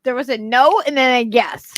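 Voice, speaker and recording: A woman's voice: high-pitched, moderate pace, no room sound. A woman co-hosting a podcast, teasing and laughing often in casual chat. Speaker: podcast co-host.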